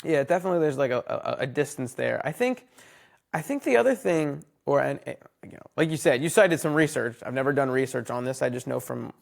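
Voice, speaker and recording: A woman's voice: very deep voice, lively intonation, fairly quick, vocal fry. A woman hosting a casual interview, answering with brief affirmations and reflective remarks. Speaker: host.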